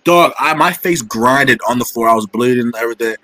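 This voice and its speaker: A man's voice: medium pitch, brisk, background noise. A young man in casual chat, animatedly telling a story full of slang and acting out the quotes.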